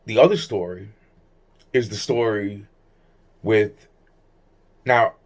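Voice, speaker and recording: Man, lowish voice, rambling agitated storyteller, swears constantly, trails off and restarts. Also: slow. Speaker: vlogger recounting personal experiences. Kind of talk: rambling personal storytelling monologue.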